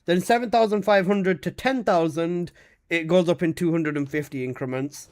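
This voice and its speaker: A young male game streamer with a noticeably high voice. He chats casually with his viewers, reading their messages aloud and answering with swearing and laughter. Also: moderate pace. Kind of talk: casual live-stream chat.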